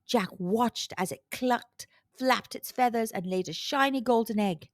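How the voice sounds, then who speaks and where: A woman storyteller reading a children's storybook aloud with a slow, expressive delivery. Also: fairly high pitch, no room sound, studio quality.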